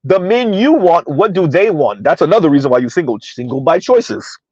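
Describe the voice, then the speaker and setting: A man's voice: fairly high pitch, big pitch swings, brisk, a little mellow, dry recording, lo-fi sound. A man doing casual, rambling commentary on a live stream, reading out chat messages as he goes. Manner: rambling, conversational, reads chat aloud.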